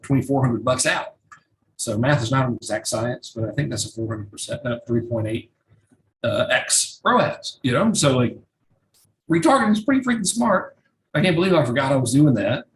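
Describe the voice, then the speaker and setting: A marketing instructor teaches over a screen share, loose and casual, swearing and thinking aloud as he clicks through. His voice is medium-pitched and the recording is rough.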